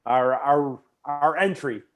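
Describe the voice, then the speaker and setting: A man improv performer playing a comedy scene over a video call, with a halting, hesitant delivery full of restarts. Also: fairly high pitch.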